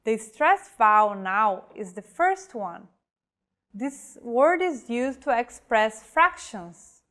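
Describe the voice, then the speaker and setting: Slow, careful woman teaching pronunciation. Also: fairly high pitch, animated, fairly bright tone. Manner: slow, carefully enunciated example words. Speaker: language teacher. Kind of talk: scripted language lesson.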